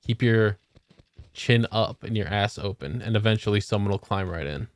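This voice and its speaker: A man's voice: fairly low pitch, normal speed, no room sound. A man streaming a video game, chatting casually with his viewers and joking with a lot of swearing. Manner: profane, joking banter with chat. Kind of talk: casual gameplay chat.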